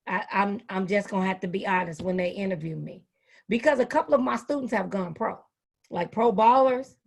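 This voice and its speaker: A woman hosting a casual panel discussion with educators over a video call. She tells lively stories and calls people baby and sweetie. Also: medium pitch, a little fast, creaky. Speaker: host and educator.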